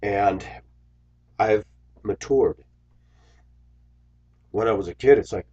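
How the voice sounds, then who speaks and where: Low husky-voiced man telling a story. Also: unhurried, long pauses. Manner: animated, acts out quoted voices. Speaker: bus driver. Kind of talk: casual storytelling monologue. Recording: dull lo-fi sound.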